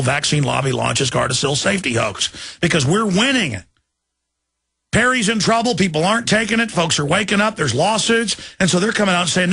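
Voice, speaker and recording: A male talk radio host ranting with urgency, his voice raspy and gravelly, forceful and fairly high. He pleads and presses his listeners in a long indignant monologue. The sound is dry and close, with faint music underneath. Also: no room sound.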